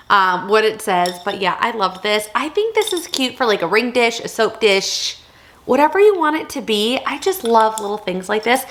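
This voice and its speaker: A woman's voice: a little high, a bit bright. Chatty rambling woman vlogger. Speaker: vlogger showing a haul. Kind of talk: casual chat.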